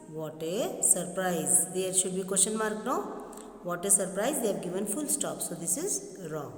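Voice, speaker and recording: A woman teacher with an Indian English accent, giving a revision lesson to young pupils and repeating each phrase slowly, as if dictating. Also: fairly low pitch, animated, darkish tone. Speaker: primary school English teacher. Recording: echoey room, long reverb.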